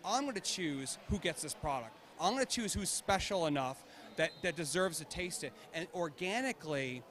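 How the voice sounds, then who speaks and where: A man's voice: on the high side, lively intonation, normal speed, fairly bright tone. A man founding a vodka brand, talking casually in an interview and laughing often. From United States. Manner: enthusiastic, laughs often, repeats words.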